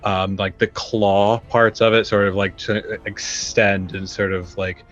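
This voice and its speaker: Slow, flat-voiced male player. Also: lowish voice, dull audio, soft background music. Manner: halting, full of "like" and "sort of". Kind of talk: tabletop role-play.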